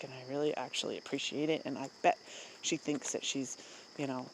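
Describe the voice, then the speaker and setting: Adult vlogger, casual rant, mid-pitched voice, rambling, lots of ums, laughs between thoughts, faint cricket noise behind. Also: flat delivery, brisk. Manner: rambling and candid, many fillers and self-interruptions, frequent laughs. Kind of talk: casual personal vent to camera.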